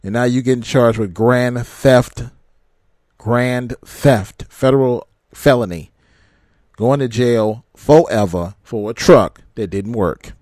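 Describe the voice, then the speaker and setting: A man's voice: mid-range voice, slow, darkish tone, no room sound, clean studio sound. A man who drives trucks, ranting casually and profanely, often breaking into laughter. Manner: profane, rambling rant with frequent laughter. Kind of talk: casual rant to camera.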